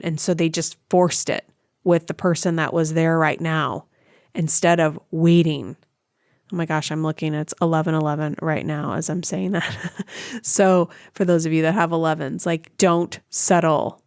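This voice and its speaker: A woman's voice: low-pitched, normal speed, no echo, clean studio sound. A woman hosting a podcast, talking casually and giving relationship advice, often acting out what other people say. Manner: chatty, animated, acts out quoted voices. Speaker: podcast host.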